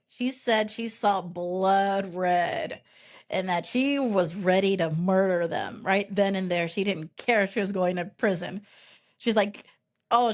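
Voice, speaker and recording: A woman with a mid-range voice tells a story on a podcast, rambling and restarting her sentences as she goes. Her delivery is animated and casual, with frequent swearing. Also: medium pitch. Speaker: podcast host.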